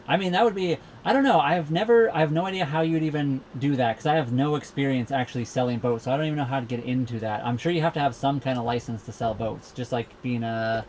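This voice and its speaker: A young man from Saskatchewan with a Canadian accent hosts a casual live Q&A from the cabin of his sailboat, docked at a marina. His mid-range voice is a little mellow, and he rambles easily with lots of fillers. There's slight background noise.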